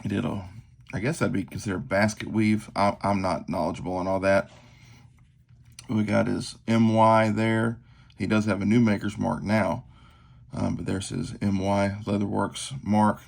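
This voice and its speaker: A man's voice: fairly low pitch, level tone, normal speed, vocal fry. A man, talking casually and rambling through a show-and-tell of his gear, with lots of fillers and self-deprecating asides. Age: 40s. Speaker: knife collector vlogger. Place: tabletop at home.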